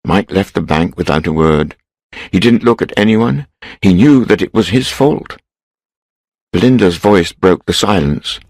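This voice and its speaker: Low male narrator, steady measured storybook reading, close and dry. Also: no echo, low-quality recording.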